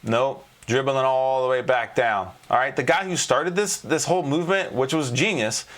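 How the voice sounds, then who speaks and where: A man hosting a live trading show, walking viewers through price charts in an animated, emphatic way and often checking in with "all right?". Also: mid-range voice, normal speed. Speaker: trading coach and show host.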